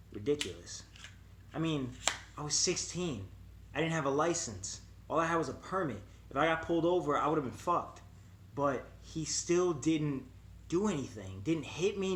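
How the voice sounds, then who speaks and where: A young man vlogging, telling a story in a casual, animated way, swearing freely and acting out what people said. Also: mid-range voice, slight background noise. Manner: animated, swearing, acts out quotes.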